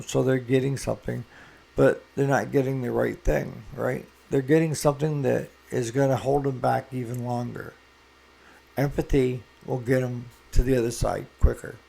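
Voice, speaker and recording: Gravelly man giving folksy shop advice. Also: mid-range voice, a little mellow. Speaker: small engine repair shop owner. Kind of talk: casual talk to camera.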